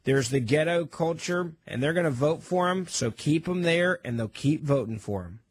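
A young man hosts a call-in radio show with a fairly high voice. He talks emphatically and mixes sarcasm into his opinions. The sound is dry and close. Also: animated, normal speed, slightly rough, no echo. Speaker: fill-in talk radio host.

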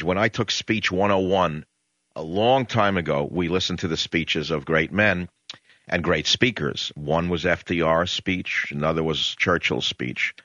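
An older man from Queens, New York, with a New York accent hosts a talk radio show, delivering a rambling, emphatic monologue full of hesitations. His low voice sounds pushed and bright, with no echo. The broadcast audio is dull and lo-fi.

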